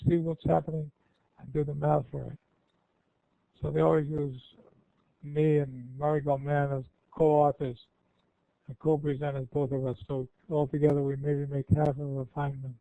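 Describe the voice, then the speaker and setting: A tinny, phone-like line carries this older guest speaker's informal Q&A talk to students, which is folksy, rambling and full of self-corrections. His voice is fairly high, creaky and mellow, flat in delivery and moderate in pace, on a dry recording.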